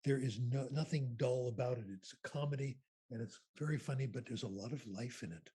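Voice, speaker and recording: An older man with a raspy, husky voice answers conference questions as the keynote speaker. He tells stories in an unhurried, emphatic way, stressing his points. His pitch sits in a middle range for a man. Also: dark tone.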